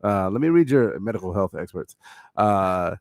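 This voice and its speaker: A man co-hosting a casual podcast, his voice sitting a little low. He talks with energy, swears freely and trips over restarts and fillers. The sound is dry and close to the mic. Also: quick pace, no echo. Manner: animated, profane, many fillers and restarts. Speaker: podcast co-host. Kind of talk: casual chat.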